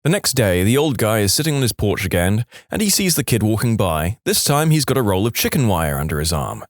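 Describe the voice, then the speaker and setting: Man reading jokes with wildly swinging pitch. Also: sing-song, fairly quick, no room sound, clean studio sound. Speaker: podcast host.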